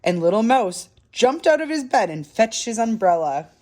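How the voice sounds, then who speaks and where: A woman reading a children's picture book aloud for a library storytime, soft and dramatic. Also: on the high side, very animated, moderate pace.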